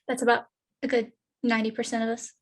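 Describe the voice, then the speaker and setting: A woman's voice: fairly high pitch, completely flat delivery, quick pace. A woman hosting an interview, asking questions in an upbeat, encouraging way. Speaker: podcast host.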